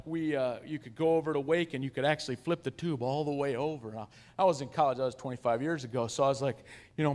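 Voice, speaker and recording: A man in his forties with a high-pitched voice tells a lively, self-mocking story to a congregation. He keeps turning to the crowd with direct questions and asides. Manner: animated, self-deprecating, addresses the audience directly. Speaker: guest speaker.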